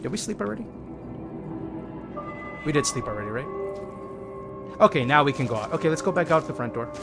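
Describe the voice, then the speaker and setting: A man's voice: fairly high pitch, very animated, a little fast, over music. A man streaming a modded game, chatting casually with viewers and reading their chat messages aloud.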